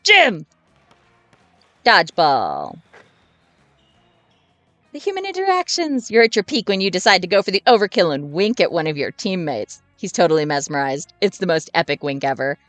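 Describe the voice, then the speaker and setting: A woman reading a dating game aloud and reacting with jokey, animated comments. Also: on the low side, fast, hardly any pauses, dry recording, soft background music. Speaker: let's-play gamer.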